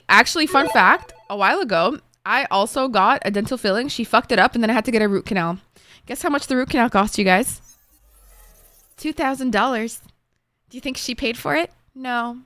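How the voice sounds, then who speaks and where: A woman's voice: on the high side, fairly bright tone, dry recording. A young woman streamer chatting casually with her viewers, full of "like" and frequent swearing. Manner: chatty, swears a lot, fillers like "like". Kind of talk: casual live-stream chat.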